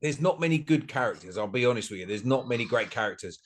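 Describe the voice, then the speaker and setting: A man's voice: medium pitch, lively intonation, quick pace, slight background noise. Rambling, hesitant man. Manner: rambling, hesitant, self-deprecating. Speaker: podcast co-host. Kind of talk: casual chat.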